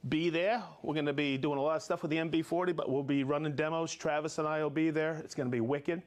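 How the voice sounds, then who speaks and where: Slightly high-voiced guy hosting a live tool demo, jokey and upbeat. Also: steady tone. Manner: jokey, upbeat, quick bursts of talk. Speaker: host of a tool demo show. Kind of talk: casual live demo chat.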